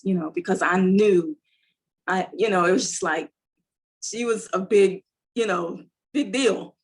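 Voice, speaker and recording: A woman's voice: mid-range voice, unhurried, pauses often. A woman entrepreneur telling a heartfelt story in an interview, rambling with many fillers. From United States. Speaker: entrepreneur guest. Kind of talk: emotional conversational interview.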